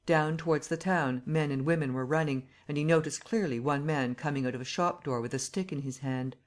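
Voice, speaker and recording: Narrator for a classic-novel audiobook; steady, even delivery at a middle pitch. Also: fairly quick.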